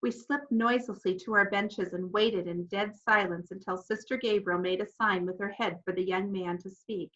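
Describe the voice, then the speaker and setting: A woman narrating a children's novel in first person, animated and expressive, acting out the children's voices. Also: mid-range voice, normal speed, few pauses, lo-fi sound. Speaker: audiobook narrator.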